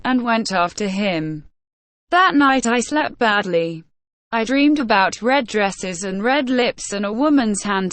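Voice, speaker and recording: At a deliberate pace suited to people learning English, a woman narrates a scripted first-person story from a graded reader. She's an audiobook reader with a mid-range voice, captured in a dry recording.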